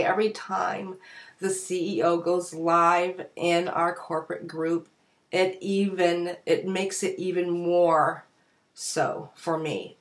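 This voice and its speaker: A woman in her forties with a northern US accent and a light Southern drawl, chatting to camera in a rambling, talkative way as a direct sales beauty consultant. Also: fairly low pitch. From northern United States. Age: 40s. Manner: chatty and rambling, wanders between points. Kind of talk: casual to-camera vlog chat.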